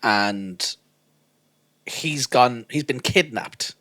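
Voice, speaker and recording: A man co-hosting a podcast, chatting casually and telling animated stories. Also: mid-range voice, drawn-out words, dry recording. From Ireland. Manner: animated storyteller, slips into voices. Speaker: podcast co-host. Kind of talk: casual chat.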